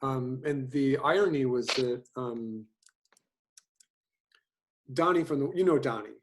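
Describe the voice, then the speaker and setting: A man in his fifties who teaches animation chats casually on a video call, his medium-pitched voice set against a noisy background. He rambles and halts, full of ums, fillers and restarts.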